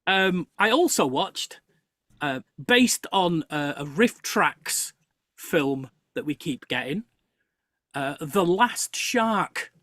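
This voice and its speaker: A host chatting on a live show, telling an animated story full of halting restarts. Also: medium pitch, dry recording, clean studio sound. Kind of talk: casual chat on a live show.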